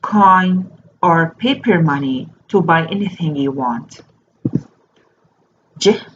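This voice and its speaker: A woman teaching a slow phonics lesson to young children. She spells each word out letter by letter and repeats it. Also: sits low, animated. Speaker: primary school teacher. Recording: dull lo-fi recording with faint noise.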